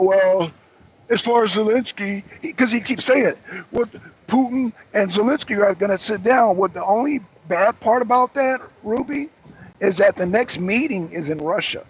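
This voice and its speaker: A man's voice: sits high, moderate pace, dull audio. A man co-hosting a political talk show, rambling casually in slang and talking straight to his viewers. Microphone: struggling with a faulty mic on a live stream. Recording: noisy live stream with a bad mic.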